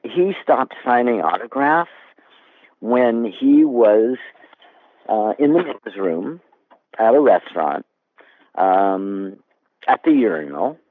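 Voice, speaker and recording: A man in his seventies, a guest actor, telling stories in an animated, casual interview chat. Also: lowish voice, slow pace, long pauses. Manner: animated storyteller. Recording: tinny phone-like line.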